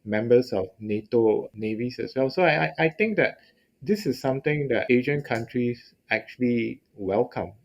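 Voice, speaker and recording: A male interviewer with a mid-range pitch, chatting easily and setting up each question with a story. The recording has a slightly dull, muffled quality. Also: normal speed. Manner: conversational, sets up questions with anecdotes. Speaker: interviewer, editor hosting. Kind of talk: policy interview.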